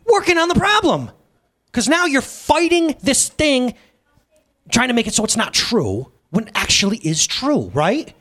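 A male pastor preaching in a lively, conversational way, often checking in with the audience through questions. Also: very high voice, measured pace. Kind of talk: sermon.

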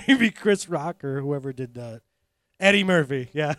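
Animated preaching man, lively pitch. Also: unhurried, no echo. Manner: animated storytelling, swinging from quiet intensity to loud laughing bursts. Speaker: pastor. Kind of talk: sermon.

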